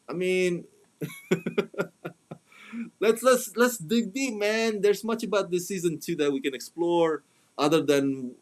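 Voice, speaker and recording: A man's voice: fairly high pitch, a little slow. A man giving a casual spoken review, talking in a chatty way with many fillers and restarts, and putting on mocking voices when he quotes others. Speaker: film reviewer.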